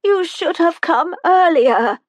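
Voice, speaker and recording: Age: 80s. Figure: woman doing a frail, forgetful old lady with a high, cackling voice. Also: lively intonation, slow pace, no room sound, full character voice. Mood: vague, wry. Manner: vague, wandering, cackles.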